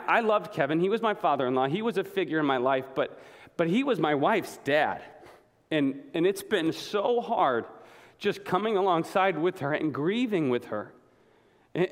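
An earnest middle-aged pastor preaching a sermon, his pitch sitting slightly high for a man. He often doubles words as he speaks. His voice rings out with a long reverb in a church hall. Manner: earnest, repeats words as he talks.

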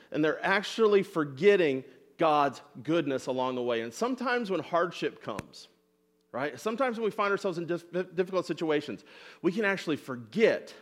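A male pastor delivers a sermon in a fairly high voice. He speaks earnestly and often repeats words as he builds toward each point. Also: fairly bright tone. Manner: acts out the people's complaints in quoted voices.

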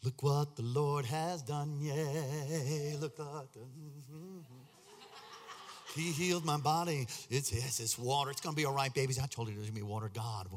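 A preacher acting out an overjoyed desert wanderer. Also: male voice, mid-range voice, fairly even intonation, moderate pace, long reverb tail, lightly acted. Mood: excited relief. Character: weary wandering Israelite man, hopeful and excited.

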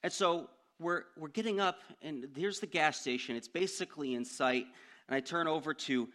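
A young man preaching a sermon, telling a personal story in an animated way that climbs into loud outbursts. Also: on the high side, moderate pace.

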